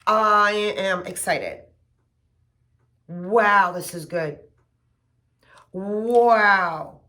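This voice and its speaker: A middle-aged woman chatting casually and gushing with excitement as she unboxes gifts for her vlog. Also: medium pitch, measured pace. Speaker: home fragrance vlogger.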